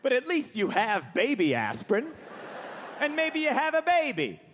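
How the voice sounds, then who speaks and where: A man performing a self-mocking stand-up comedy routine before a live audience, building to shouted punchlines. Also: very high voice, wildly swooping pitch, moderate pace. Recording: noisy live stage recording.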